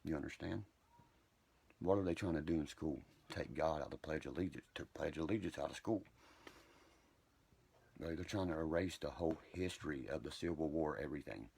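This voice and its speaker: A man's voice: extremely low pitch, fairly quick, gravelly, long pauses, a little mellow, breathy edge. A man ranting on a livestream, profane, combative and rambling from one point to the next.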